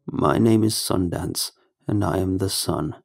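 Sundance, a man voicing a croaking sun creature. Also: sits low, exaggerated voice. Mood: eerie. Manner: slow, drawn-out and sinister. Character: creepy gaunt male sun creature with metal lips.

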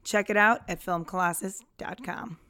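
A woman reading a brisk, scripted sponsor spot. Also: mid-range voice, pushed and bright. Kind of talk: read ad spot.

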